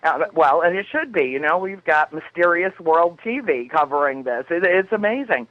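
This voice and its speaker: A woman's voice: on the low side, lively intonation, normal speed, dry recording, phone-quality sound. A woman guest on a radio talk show, chatting in an effusive, dramatic storytelling way. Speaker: guest author.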